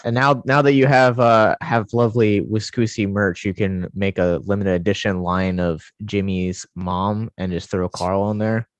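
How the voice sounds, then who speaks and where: A man's voice: on the low side, steady tone, moderate pace, few pauses, no echo. A man co-hosting a podcast, chatting in a playful, teasing way. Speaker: podcast co-host. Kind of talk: casual chat.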